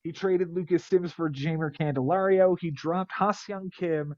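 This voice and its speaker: A man with a somewhat high voice runs through a list of numbers in a relaxed podcast chat, tossing in jokes. The recording is dry and a bit dull. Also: moderate pace, no echo. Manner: rattles off stat lines, wisecracking. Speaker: podcast host. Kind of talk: casual fantasy baseball recap.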